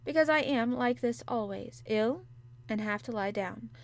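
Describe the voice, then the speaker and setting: A woman's voice: fairly high pitch, a little slow. A woman voicing a sickly, fretful young boy who talks in a half-whispered, anxious, insistent way. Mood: bitter.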